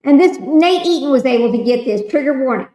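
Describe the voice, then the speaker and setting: Woman host, slightly high voice, loose chatty livestream talk, roomy echo. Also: animated, fairly quick, dark tone. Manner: reads aloud, then chats loosely with viewers. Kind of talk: casual livestream commentary.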